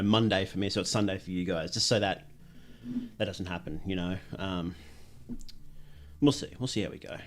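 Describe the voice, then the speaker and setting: A man, chatting casually on a livestream, rambling with many fillers and restarts. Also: on the low side.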